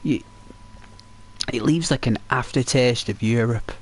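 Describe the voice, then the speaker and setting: A man chats to his viewers while he plays a video game. His voice sits at an ordinary middle pitch, and he rambles from one thought to the next with plenty of fillers and restarts. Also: unhurried. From Britain. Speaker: gaming streamer. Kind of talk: casual chat to viewers while playing.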